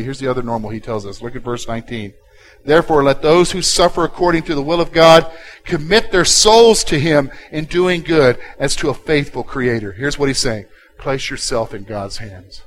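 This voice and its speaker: A male pastor delivering a sermon, dropping to a quiet intimate tone and then rising loud and emphatic. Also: medium pitch, low-quality recording. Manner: dynamic preaching, swinging from hushed to loud and emphatic.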